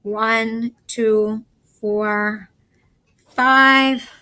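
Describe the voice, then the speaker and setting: A woman's voice: a little high, fairly even intonation, very slow, bright, forceful tone. A woman teacher patiently walking young students through a math lesson step by step.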